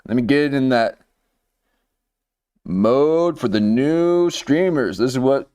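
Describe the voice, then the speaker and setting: A man's voice: medium pitch, expressive, slow, a little mellow, dry recording, studio quality. Hyped man with a jumpy voice. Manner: hyped, repeats "okay?". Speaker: host of a comedy clip channel. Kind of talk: comedic streamer persona bit.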